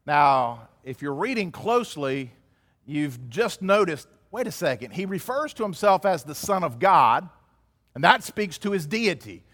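A man's voice: on the high side, sing-song, measured pace, a bit bright. A man preaching an expository sermon as pastor, earnest and building to emphatic peaks. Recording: hall reverb.

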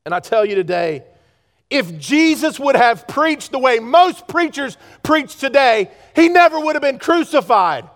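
A pastor preaching a sermon to his congregation, with pleas that swing from loud urgency to hushed earnestness. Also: very high-pitched, sing-song, measured pace, big-room sound. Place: church sanctuary.

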